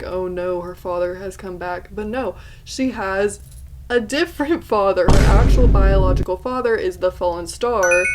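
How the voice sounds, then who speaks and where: A woman's voice: medium pitch, a little mellow. Chatty young woman reviewing a book. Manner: chatty, exclamatory, heavy use of 'like'. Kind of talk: casual book review chat.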